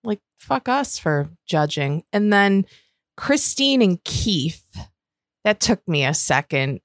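A woman's voice: lowish voice, very animated, takes it slowly, dry recording, clean studio sound. A woman co-hosting a podcast in casual chat, talkative and chatty. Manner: chatty, reads names aloud. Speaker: podcast co-host.

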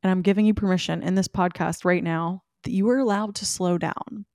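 A woman hosting a solo podcast. She gives listeners animated, emphatic pep talks and speaks to them directly. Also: fairly low pitch, a little fast, no echo, clean studio sound. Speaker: podcast host. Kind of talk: solo podcast talk, motivational.

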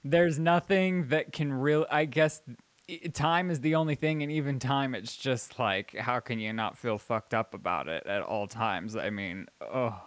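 A man co-hosts a podcast in casual, talkative chat. He is supportive and asks gentle questions. His voice sits at an ordinary pitch and sounds close and dry. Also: a little slow, no room sound. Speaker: podcast co-host.

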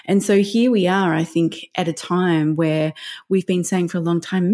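A woman's voice: on the low side, steady tone, normal speed, dark tone. A middle-aged woman, a parenting counsellor, explaining emotional intelligence in an earnest, emphatic interview style. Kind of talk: conversational interview.

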